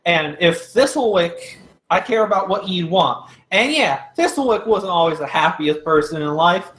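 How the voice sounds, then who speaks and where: A man's voice: high voice, animated, moderate pace, fairly bright tone. A man playing a tabletop game over voice chat, earnestly arguing his case. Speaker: player. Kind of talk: in-character tabletop play.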